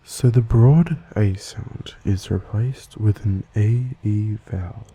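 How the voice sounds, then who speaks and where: A man with an Australian accent, giving a soft-spoken ASMR lesson into a stereo microphone and pronouncing each word slowly and carefully. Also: fairly low pitch, husky, muffled recording. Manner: slow, careful, gentle enunciation. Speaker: ASMR channel host. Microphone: Blue Yeti microphone, stereo.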